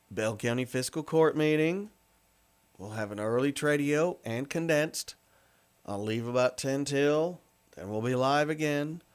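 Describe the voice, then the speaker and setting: A man hosting a call-in radio show, joking, rambling and poking fun at himself on a studio mic. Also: mid-range voice. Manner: rambling, joking, self-mocking.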